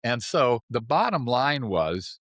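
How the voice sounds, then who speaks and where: A man's voice: mid-range voice, slow pace, dry recording. Chatty guy in his 70s telling stories on a podcast, keeps saying right?, dry close mic. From California. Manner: chatty, animated storyteller, often adds "right?". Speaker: guest. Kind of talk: casual storytelling interview.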